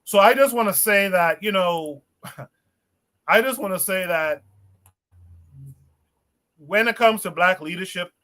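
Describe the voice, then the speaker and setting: A man's voice: sits high, slow, long pauses, bright, forceful tone. A man hosting a podcast livestream in casual chat, laid-back and calling people brother. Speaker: podcast host.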